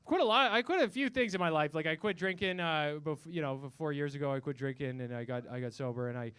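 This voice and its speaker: High, clear-voiced young comedian man. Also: quick pace, a bit bright, no room sound. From Canada. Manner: profane, rambling, frequent restarts. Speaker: stand-up comedian. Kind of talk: stand-up comedy set. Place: comedy club stage.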